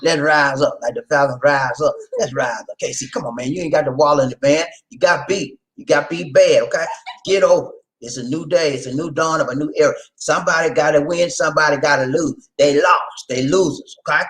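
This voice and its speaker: With a fairly high voice and a brisk pace, this Charleston, South Carolina man speaks with a Gullah Geechee accent while hosting a relaxed live stream. He laughs, stays animated, and reads the chat out loud.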